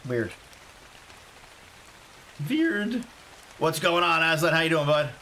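A man from South Carolina streaming a survival game live, chatting excitedly and greeting viewers by name. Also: on the high side, fast, a little hiss or hum. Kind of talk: casual live game commentary.

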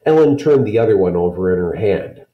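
Deep-voiced man reading a children's novel. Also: expressive, a little fast, echoey room, lo-fi sound. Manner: friendly, checking in with listeners.

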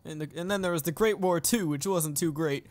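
A woman's voice: low voice, brisk, a little mellow, natural voice. A woman voicing a boastful old male war veteran who rambles and brags about his past. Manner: bragging, rambling, cranky.

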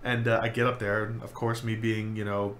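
A man's voice: fairly low pitch, brisk. A young man co-hosting a podcast, telling a school story in casual chat and acting out the quoted lines with a lot of energy. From New York. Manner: animated storyteller who acts out quoted lines. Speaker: podcast co-host. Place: home room. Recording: echoey room with faint ambient noise.

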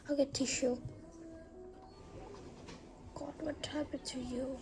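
A woman with a high voice acts out a family pretend play, shifting from hushed whispers to excited calls. She speaks slowly and without hurry. Steady room noise sits clearly under the voice. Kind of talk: family pretend play acting out several characters.

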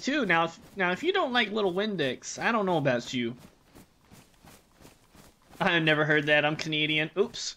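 A man's voice: on the high side, sharp tone. A man from the United States, a game streamer chatting casually with his live chat while he plays, joking and rambling.

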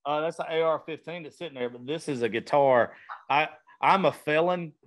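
Southern US man, podcast host, a bit high-pitched, blunt and profane. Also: brisk. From Southern United States. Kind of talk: casual chat. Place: vintage-themed studio.

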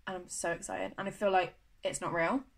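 A woman's voice: fairly low pitch, steady tone, a little fast, poor audio. A young woman from the UK chatting to camera in a vlog, gushing and full of fillers. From United Kingdom. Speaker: vlogger. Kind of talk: casual chat to camera.

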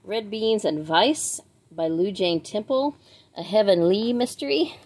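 A woman's voice: mid-range voice, measured pace, a little mellow. A woman, chatting casually as she unboxes books, reading out titles and asking viewers for pronunciation help. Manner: reads titles aloud, chatty asides to viewers. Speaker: book vlogger. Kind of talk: casual book unboxing chat.

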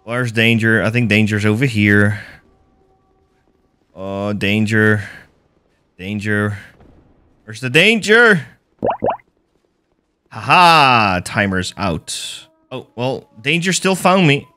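A man's voice: fairly low pitch, slow pace, long pauses, a bit bright, clean tone. A man streaming a game, casually commentating in a playful, self-mocking way with swearing.

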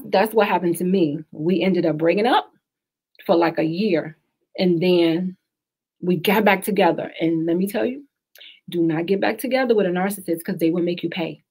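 A woman with a husky, breathy voice hosts a live call-in style radio talk. She speaks frankly and emphatically, often repeating a point twice to drive it home. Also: on the low side, a little mellow. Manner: candid, emphatic, repeats advice for stress. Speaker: talk show host.

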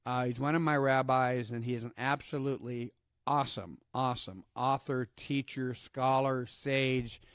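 Friendly Southern US man hosting a live stream, easy laugh, middle pitch, dry close mic. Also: moderate pace, a bit bright, smooth, no echo. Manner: chatty and upbeat, laughs easily, lists greetings to viewers. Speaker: host of an online book-reading broadcast. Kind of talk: casual live-stream talk.

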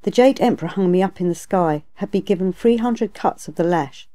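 A woman's voice: fairly low pitch, fairly quick, mellow, lightly acted. A woman voicing a desperate young male dragon prince in a storybook reading, speaking in an earnest, pleading way.

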